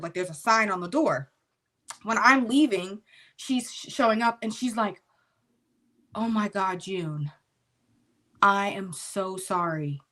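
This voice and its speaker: A young woman telling a personal testimony story in a casual, animated, expressive way. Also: medium pitch.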